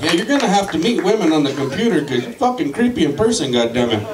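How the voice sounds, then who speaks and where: A male stand-up comedian, out of breath, rowdy and swearing as he shouts at the crowd. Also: fairly high pitch, very animated, fast, far from the mic, heavy background noise. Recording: echoey room, mic from afar, loud crowd.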